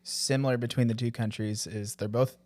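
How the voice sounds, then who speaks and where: A man's voice: mid-range voice, a little fast, no echo. An American man casually telling about a church mission trip, with many fillers and restarts. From United States. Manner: relaxed storytelling, many fillers. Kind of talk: casual conversation.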